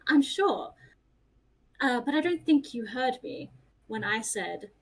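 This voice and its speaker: A woman's voice: mid-range voice, takes it slowly, husky, low-quality recording. An imperious dragon goddess , as a woman plays her, talks down to everyone in clipped, condescending lines. Her patience is plainly short. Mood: haughty. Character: imperious banished dragon goddess, haughty and impatient.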